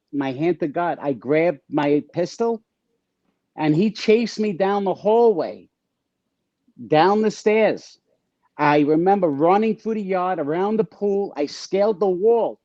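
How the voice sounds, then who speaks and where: A man's voice: fairly high pitch, measured pace, dark tone, no room sound. A man as an interview guest, telling stories in a casual, streetwise way with slang and stammering restarts. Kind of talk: casual storytelling. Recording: dull lo-fi dry sound.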